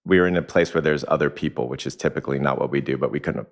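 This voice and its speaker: A man's voice: extremely low pitch, rapid-fire, creaky. A man who works as an executive coach, a guest on a podcast, explaining ideas reflectively through anecdotes and chuckling often, recorded in a home kitchen. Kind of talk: conversational podcast interview.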